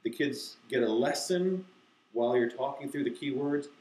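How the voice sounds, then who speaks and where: Man, mid-pitched voice, instructional, deliberate demonstrations, roomy echo. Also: heavy background noise. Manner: demonstrates, reciting key phrases slowly and deliberately. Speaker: Bible teacher. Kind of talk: instructional talk to teachers.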